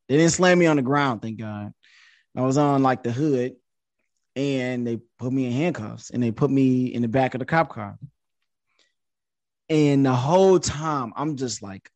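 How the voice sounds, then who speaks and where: A man in his thirties, a podcast guest, telling a story in a casual, animated way and jumping up in pitch when he quotes himself. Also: a little slow, dry recording. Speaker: podcast guest, social media influencer.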